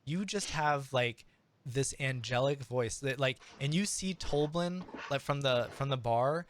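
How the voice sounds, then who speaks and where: Animated man running a tabletop game. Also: mid-range voice, unhurried, a little hiss or hum. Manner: animated, many restarts and fillers. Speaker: game master.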